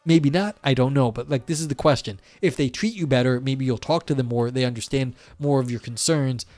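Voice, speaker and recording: A man's voice: medium pitch, brisk, a little mellow, no echo, faint music behind. A man talking casually on a livestream, rambling and blunt, calling himself a curmudgeon while reading chat.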